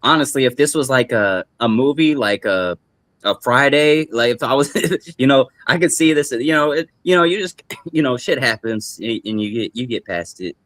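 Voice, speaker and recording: A man's voice: mid-range voice, expressive, moderate pace, fairly bright tone, no room sound. A young man talking loosely and at length as a guest on a podcast, full of slang, restarts and laughter. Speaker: guest musician. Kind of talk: casual podcast chat.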